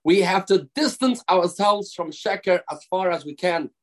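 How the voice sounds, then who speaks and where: A man's voice: sits high, normal speed, poor audio. A man giving a short daily Torah lesson, earnest and drawing out words for emphasis. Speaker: Torah lecturer.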